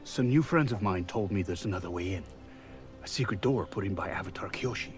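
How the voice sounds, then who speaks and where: A calm retired old general. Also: male voice, deep voice, brisk. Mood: calm, resolved. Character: older retired male general, calm, wise, steady. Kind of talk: live-action series drama. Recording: film clip with score underneath. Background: orchestral music.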